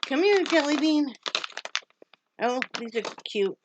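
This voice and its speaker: Chatty woman vlogger with lively dogs. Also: sits high, slow. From Wyoming, USA. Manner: chatty, keeps breaking off to scold and coo at her dogs. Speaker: vlogger unboxing a dog subscription box. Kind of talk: casual unboxing vlog chat. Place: home with dogs around. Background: dogs moving and making noise.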